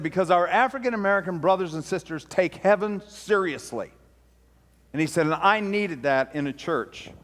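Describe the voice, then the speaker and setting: A man with a high voice delivers a sermon as a lively storyteller, lifting his voice sharply whenever he quotes someone. The sound carries a long church reverb. It comes across as a pastor speaking from the pulpit. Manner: storytelling, acts out quoted preacher with rising intensity. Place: church sanctuary.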